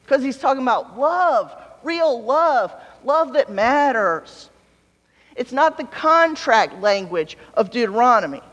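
A man with a strikingly high voice preaches slowly and deliberately, weaving jokey asides into his reading of scripture. His words ring out with the long reverb of a big church sanctuary. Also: very animated, a bit bright, muffled recording. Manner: conversational, with playful asides and scripture read aloud. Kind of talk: sermon. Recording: long reverb of a large hall.

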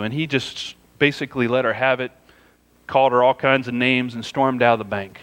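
A man's voice: mid-range voice, normal speed, a bit bright, big-room sound. A man preaching a sermon in a conversational, storytelling way, often saying "you know" as he goes. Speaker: pastor.

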